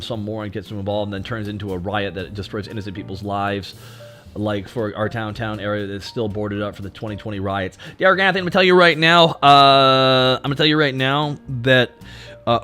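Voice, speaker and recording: A male streamer from Canada rants live at his audience, swearing freely and swinging from low mutters to loud outbursts. His voice sits at an ordinary middle pitch. Faint music plays underneath. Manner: profane, animated ranting, answers chat. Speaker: VTuber streamer. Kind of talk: livestream chat rant.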